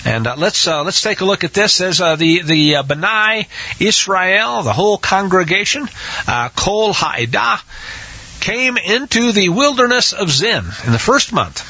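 Guy teaching a bible study, high husky voice, lots of stops and restarts, muffled lo-fi audio. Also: expressive, moderate pace, sharp tone. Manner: hesitant, many restarts, acts out quotes. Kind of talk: scripture study talk. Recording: dull lo-fi recording.

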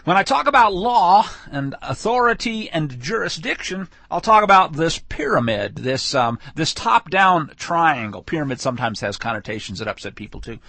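A man's voice: a little high, big pitch swings, moderate pace, gravelly, few pauses, sharp tone, no room sound. A man giving a conversational weekly scripture teaching, explaining verses with frequent fillers and restarts. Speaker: Bible teacher. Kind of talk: weekly Torah portion teaching.

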